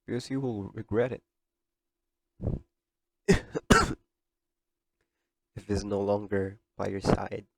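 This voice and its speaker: Podcast host, young man, low register, tearful sincerity, dry close mic. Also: slow, vocal fry, pauses often, fairly bright tone, dry recording. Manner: emotional, tearful, earnest. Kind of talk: heartfelt podcast monologue.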